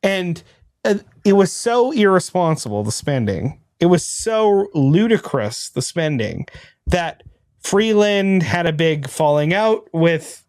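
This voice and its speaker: A man's voice: sits high, sing-song, slow, darkish tone, no room sound, studio quality. A man from Western Canada, co-hosting a political podcast and laughing often. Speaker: podcast co-host. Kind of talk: casual political banter.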